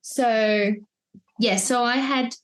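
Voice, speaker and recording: A woman's voice: on the high side, steady tone, very slow. A woman, a podcast guest telling her story in a chatty, reflective way, full of restarts. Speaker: podcast guest, mother of three. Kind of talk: casual birth-story telling. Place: at home, holding a baby. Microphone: wearing headphones, remote podcast recording.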